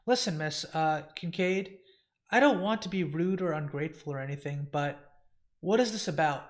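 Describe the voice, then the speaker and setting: A man's voice: on the high side, normal speed, natural voice. A man voicing a blunt, wary young woman in her twenties while reading a comic. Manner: blunt, plain-spoken.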